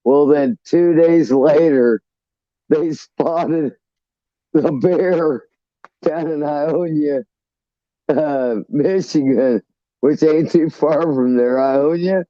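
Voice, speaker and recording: A man's voice: on the high side, extremely slow, no room sound. A man calling in to a talk show and telling a long, rambling, profane story, tripping over his words as he goes. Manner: rambling, profane, restarts often. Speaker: caller. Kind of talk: casual storytelling on a call-in show. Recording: dull lo-fi line.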